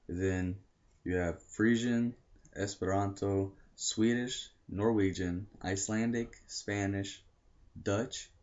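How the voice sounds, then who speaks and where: A young American man with a low voice rambles casually to camera and keeps correcting himself with lots of fillers. The sound is dull and lo-fi, like a basic home recording. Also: darkish tone. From United States. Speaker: language learning vlogger.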